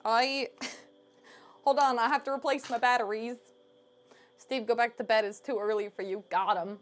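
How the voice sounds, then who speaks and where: This woman's voice sits on the high side, with a steady tone and moderate pace. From her home room she banters with viewers through a desk microphone, playful and teasing, laughing a lot.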